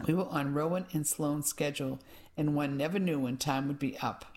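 A woman narrating a first-person audiobook in an even, measured way. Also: low-pitched.

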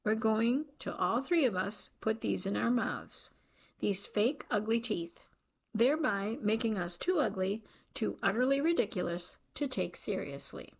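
A woman reads a calm, dry-humored man in a storybook, businesslike and mock-solemn. She barely changes her voice for him, so it stays mid-range with a creaky, gravelly grain. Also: mid-range voice, a little slow, exaggerated voice. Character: calm, joking adult man, the father.

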